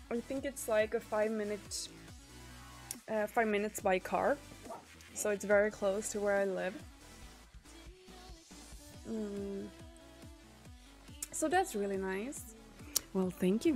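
A woman's voice: medium pitch, slow pace, pauses often, a little mellow, soft background music. A woman streamer in casual chat with her viewers. She is chatty, swears often and trails off with fillers.

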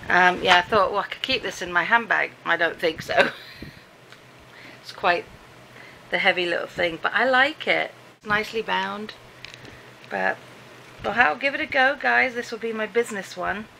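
Brief: chatty British vlogger at home, rambling and amused, bright edge. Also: female voice, mid-range voice, measured pace, creaky, long pauses, a little hiss or hum, low-quality recording. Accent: British English. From Britain. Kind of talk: casual vlog chat. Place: home, indoors, dim room.

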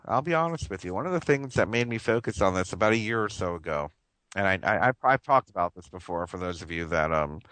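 A male radio talk show host rambles earnestly through a monologue, restarting sentences and chuckling along the way. His voice sits a little low yet has a fairly bright tone. The audio is close and dry, with no echo from the room.

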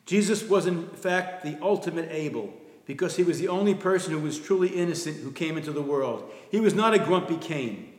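A man's voice: a little high, lively intonation, a little fast. Earnest male preacher in an echoing hall. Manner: earnest, soft-spoken, drops to quiet emphasis. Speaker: pastor. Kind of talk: sermon. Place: church sanctuary. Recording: echoey room with long reverb.

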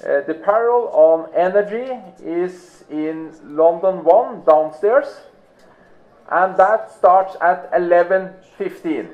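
Guy reading out schedule notes, high voice, thin phone-like sound, lots of uhs. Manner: matter-of-fact, pausing on fillers. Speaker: event organizer making announcements. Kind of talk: practical announcements. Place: large hotel ballroom. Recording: tinny phone-like recording.

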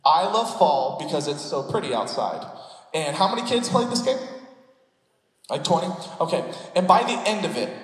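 A man's voice: fairly high pitch, very animated, moderate pace, reverberant, in a large hall. A man preaching a sermon as a pastor. He asks the congregation rhetorical questions and builds in passion as he goes. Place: church sanctuary.

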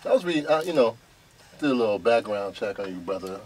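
A man's voice: fairly low pitch, big pitch swings, quick pace, darkish tone, husky. A man hosting a casual chat, teasing his guest playfully. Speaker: host.

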